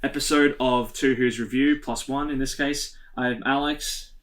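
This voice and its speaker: A man's voice: medium pitch, fairly even intonation, measured pace, a bit bright. A man co-hosting a laid-back review podcast, talking in a mid-range voice. He keeps the discussion moving and brings it to a close. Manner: steers the talk and wraps up the episode. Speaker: podcast co-host. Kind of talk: casual chat reviewing episodes.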